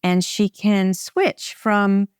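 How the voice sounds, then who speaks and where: A middle-aged American woman, a film director, chatting in an interview in a wry, relaxed way with short phrases and restarts. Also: medium pitch, drawn-out words, smooth, no room sound, clean studio sound. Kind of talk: casual interview conversation.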